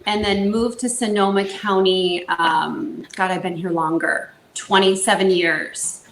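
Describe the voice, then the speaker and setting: Guest, woman, 40s, from Northern California; earnest, halting storyteller, roomy echo, faint background. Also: medium pitch, fairly even intonation, slight background noise. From Northern California, USA. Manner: earnest storytelling, many fillers and restarts. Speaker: foster parent guest. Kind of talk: casual podcast interview.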